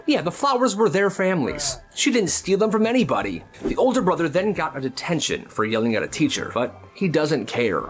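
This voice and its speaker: A man telling funny school stories in a chatty, animated short-video style. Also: fairly high pitch, moderate pace, hardly any pauses, faint music behind. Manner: animated, chatty, laughs at his own stories. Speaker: storyteller. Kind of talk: short-form storytelling video.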